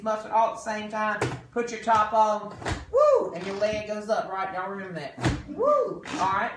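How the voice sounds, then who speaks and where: A man's voice: sits high, echoey room, far from the mic, background noise. Folksy man demoing kitchen tools. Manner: folksy, jokey, chatty with guests. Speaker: cooking demonstrator. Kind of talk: live kitchen product demo. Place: kitchen with live guests.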